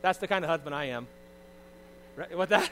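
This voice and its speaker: A middle-aged pastor preaching, swinging from loud emphasis to quiet, confiding asides. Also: male voice, on the high side, lively intonation, fairly quick, slight background noise. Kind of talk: sermon.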